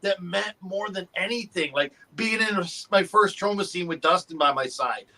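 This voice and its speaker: A man in casual podcast chat, talking excitedly about being on set and swearing casually. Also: sits high, moderate pace. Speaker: guest.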